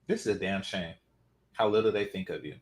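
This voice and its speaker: A man's voice: low-pitched, fairly even intonation, a little fast. A man hosting a reaction commentary, sarcastic and mocking. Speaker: commentary channel host.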